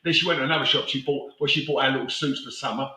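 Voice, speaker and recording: A man's voice: mid-range voice, steady tone, racing, sharp tone, echoey room, distant mic, poor audio. An older man with a South London accent, chatting and reminiscing casually as co-host, laughing easily. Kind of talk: casual chat.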